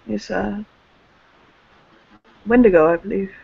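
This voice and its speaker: A man's voice: high-pitched, gravelly, dark tone, husky, dry recording, lo-fi sound, full character voice. A man voicing a tall, reserved male werewolf guardian who speaks with a German accent. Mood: reserved welcome. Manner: reserved, measured.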